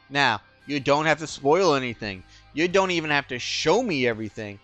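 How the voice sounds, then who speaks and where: A man's voice: fairly high pitch, expressive, normal speed, few pauses, fairly bright tone, faint music behind. A man co-hosting a casual podcast, blunt and emphatic in his opinions. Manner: blunt, emphatic, ranting about a trailer. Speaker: podcast co-host. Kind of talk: casual chat.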